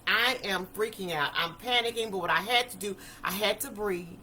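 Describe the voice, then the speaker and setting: Emphatic woman in her fifties, bright voice. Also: medium pitch, normal speed, poor audio. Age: 50s. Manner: vivid, emphatic storytelling with vernacular speech. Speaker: speaker. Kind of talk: personal testimony talk.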